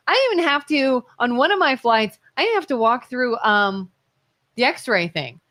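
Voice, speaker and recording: A woman's voice: a little high, expressive, measured pace, a bit bright, no room sound. A woman co-hosting a live talk show from a studio, arguing her side with a string of rhetorical questions. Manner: argumentative, fires rhetorical questions. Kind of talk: live talk radio debate.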